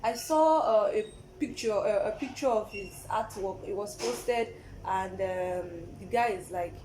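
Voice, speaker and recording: Animated young Nigerian woman. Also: medium pitch, measured pace, roomy sound, background noise. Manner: animated storyteller, acts out quotes, laughs often. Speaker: podcast co-host. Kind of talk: casual chat.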